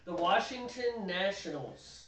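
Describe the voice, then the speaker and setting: Male co-host, teasing banter, animated delivery, distant mic in an echoey room. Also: high voice, unhurried, slight background noise. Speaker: homebrewing show co-host. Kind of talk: casual livestream chat.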